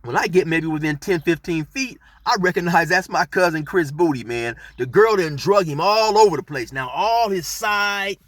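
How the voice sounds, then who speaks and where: A man's voice: sits high, animated, moderate pace, few pauses, fairly bright tone, no echo. A middle-aged man telling a street story in laid-back slang, rambling with fillers as he goes. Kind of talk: casual storytelling.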